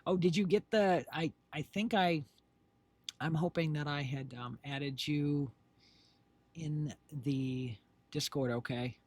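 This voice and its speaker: A man's voice: on the high side, slow, darkish tone, breathy edge, dry recording. A middle-aged man co-hosting a home livestream, chatting casually to viewers in a rambling way, with lots of fillers and self-corrections. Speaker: stream co-host and creator. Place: home streaming setup. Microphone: desk microphone with headphones.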